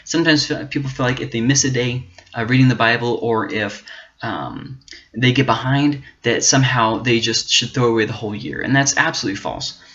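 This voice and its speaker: A man speaks at an ordinary middle pitch, earnest and encouraging, as he delivers a faith-based motivational talk. He often stumbles, restarts and repeats words. The recording sounds dull and slightly muffled. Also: brisk, a bit bright. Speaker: self-help channel host.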